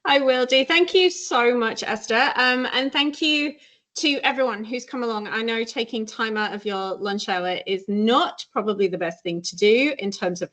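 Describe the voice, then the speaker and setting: A British accountant speaks to a webinar audience over a video call. Her voice sits a little high, and her friendly, light-hearted tone keeps the talk easy. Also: a bit bright. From Britain. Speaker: guest speaker, chartered accountant. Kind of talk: webinar presentation.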